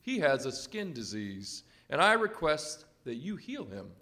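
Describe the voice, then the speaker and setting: A man's voice: fairly high pitch, very animated, a little slow, sharp tone. A man reading scripture aloud during a sermon, giving the verses expression. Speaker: scripture reader.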